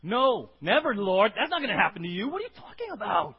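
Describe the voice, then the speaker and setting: A man acting out the apostle Peter as an agitated adult man, shouting in disbelief. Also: high voice, very animated, quick pace, breathy edge, highs cut off, pitched above the performer's own voice, full character voice. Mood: protesting.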